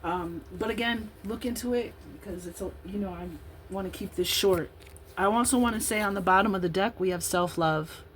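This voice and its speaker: A woman's voice: medium pitch, brisk, a little hiss or hum, rough recording. A woman in her fifties from Illinois giving a casual tarot reading, chatting and rambling in asides between the cards she reads aloud. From Illinois, USA. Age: 50s. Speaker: tarot card reader.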